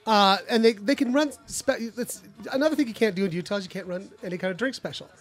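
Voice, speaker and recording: Man, high voice, blunt and profane guest in a casual chat. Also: fast talker.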